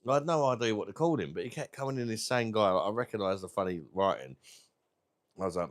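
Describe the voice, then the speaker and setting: A man's voice: low voice, fast. A British man hosting a livestream, chatting casually and rambling, swearing freely. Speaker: livestream host.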